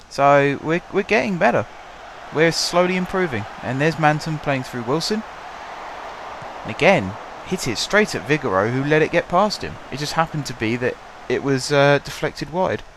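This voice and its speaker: A young man with a hoarse voice, chatting casually and calling the action play by play as he commentates his own football management game at home. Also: on the high side, expressive, normal speed, a bit bright, slight background noise. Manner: chatty, wry, calls the match play by play. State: hoarse from shouting. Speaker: gaming channel host.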